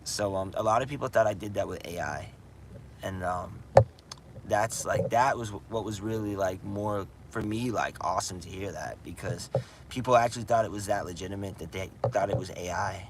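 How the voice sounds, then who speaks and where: A man's voice: deep voice, normal speed, background noise. A man chatting casually on a livestream from outdoors, rambling and saying "dude" a lot. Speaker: gaming livestreamer.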